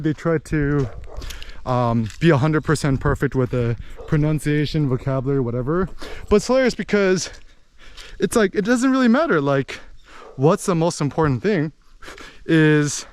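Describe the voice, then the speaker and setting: A man giving a rambling, animated casual monologue as a podcast host. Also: a little high, clear, resonant tone, dry recording. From United States. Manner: animated, rambling, with many fillers.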